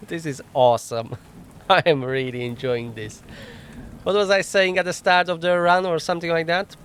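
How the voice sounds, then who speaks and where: A man's voice: a little high, steady tone, normal speed, fairly bright tone, a little hiss or hum. A man hosting a casual let's play, thinking aloud as he plays, chuckling often and mocking himself wryly on a desk microphone. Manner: thinks aloud while playing. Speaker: gaming channel host.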